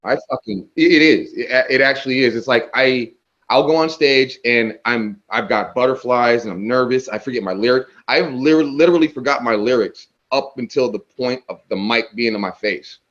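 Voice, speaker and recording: A man's voice: normal speed, dull audio. A man telling a story in a casual interview, swearing freely and acting out what people said. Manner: animated, acts out quotes with big pitch jumps; swears freely, restarts often. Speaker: guest.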